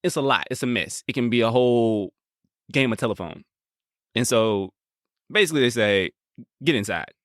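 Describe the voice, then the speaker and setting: A man's voice: mid-range voice, normal speed, pauses often, clear, resonant tone, dry recording, clean studio sound. A man co-hosting a casual podcast, laid-back and joking, talking in slang. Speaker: podcast co-host.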